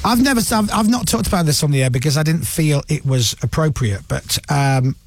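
A man's voice: fairly high pitch, animated, brisk, faint music behind. A man hosting a radio talk show, giving his blunt opinions and mocking a politician. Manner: mocking, does voices of politicians. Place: radio studio.

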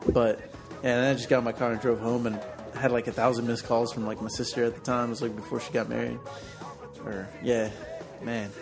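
A man's voice: medium pitch, flat delivery, fairly quick, music in the background. A man co-hosting a casual podcast among friends, telling a long story full of fillers and restarts. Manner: rambling storyteller with many fillers. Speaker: podcast co-host.

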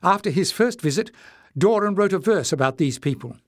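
A man's voice: high voice, expressive, brisk, no room sound, pitched above the performer's own voice. A man playing a stubborn young heroine from a fantasy storybook, urgent and emphatic, her voice raised well above his own. The sound is dry and close.

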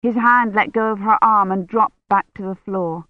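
An audiobook narrator, a woman, reads a novel aloud in a steady, even voice at medium pitch and normal speed. It is scripted narration in a dry, dull lo-fi recording.

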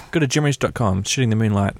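A man's voice: on the low side, fairly quick, slight background noise. A young man, chatting casually in a laid-back, joking way. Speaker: filmmaker. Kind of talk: casual chat.

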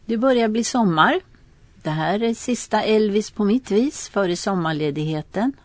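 A woman radio presenter gives calm, measured scripted announcements and sign-offs. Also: medium pitch, dry recording.

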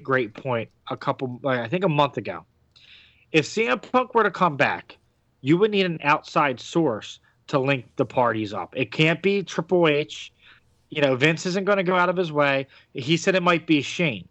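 A man's voice: fairly high pitch, a bit bright, dry recording, dull audio. Opinionated man hosting a wrestling chat. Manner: opinionated, rambling, swears casually. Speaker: podcast host.

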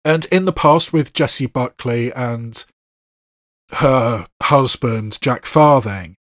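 A man talks through a film review without a script, mid-pitched and unhurried, stacking up asides as he thinks aloud. The sound is close and dead dry, with no room around the voice. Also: fairly bright tone, no room sound. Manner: thoughtful, digressive, with filler phrases.

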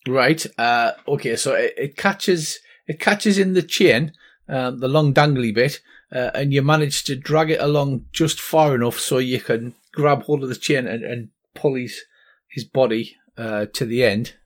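A man narrating as game master of a tabletop game, halting and full of ums and little laughs. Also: medium pitch.

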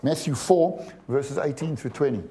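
A man's voice: a little high, normal speed, mellow. A man in his forties preaching a sermon, emphatic, repeating words and putting questions to the congregation.

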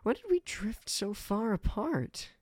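Man voicing a high, tearful young woman knight. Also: very animated, a little slow, a little mellow, no echo, studio quality, heavily acted. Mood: anguished. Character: distraught young woman knight, earnest, wounded. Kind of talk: storybook reading.

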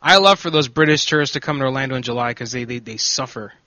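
A man's voice: medium pitch, fast talker, bright, forceful tone, dry recording, muffled recording. A man hosting a casual call-in prank show, rambling and joking with some profanity. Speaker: radio show host.

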